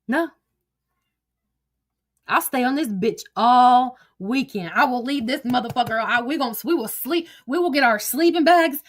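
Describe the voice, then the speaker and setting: A woman hosting a casual livestream, chatty and profane, quick to get heated. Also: high voice, fairly bright tone. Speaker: livestream host.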